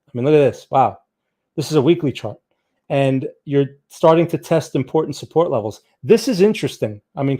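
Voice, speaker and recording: Mellow-voiced man hosting a trading stream. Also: fairly high pitch. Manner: casual, thinks aloud, repeats words. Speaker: trading livestream host. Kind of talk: live Q&A on market charts.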